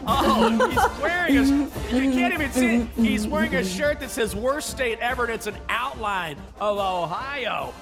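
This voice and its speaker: A male sports-show co-host who is playful and keyed up as he brings in a guest. His voice sits high and swings widely. Music plays clearly behind him. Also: normal speed. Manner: excitable, playful. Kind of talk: casual sports show banter.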